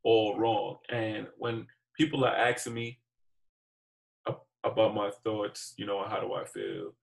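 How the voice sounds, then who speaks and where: A man's voice: fairly low pitch, animated, measured pace, vocal fry. A young man on a podcast, speaking earnestly and stumbling over repeated words. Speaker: podcast co-host. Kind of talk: heated podcast conversation.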